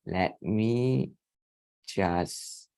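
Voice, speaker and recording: A man leads an online English class over a video call, speaking slowly and patiently. His voice sits fairly low, and he stretches out vowel sounds to demonstrate them. The recording is dry, with no room echo. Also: creaky, dark tone, smooth. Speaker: English teacher. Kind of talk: online spoken English lesson.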